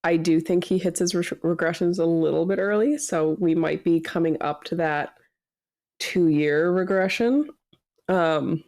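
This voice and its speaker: A woman in her thirties co-hosting a casual podcast chat, telling lively stories and acting out the voices of people she quotes. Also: on the low side, a little slow, no room sound, clean studio sound. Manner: animated storyteller acting out quotes. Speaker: podcast co-host.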